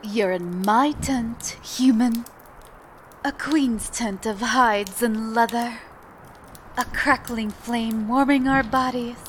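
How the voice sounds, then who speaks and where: A woman voicing a dominant horned reptilian warrior queen in an adult audio role-play, talking in a slow, commanding, sultry way. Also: on the high side, slight background noise.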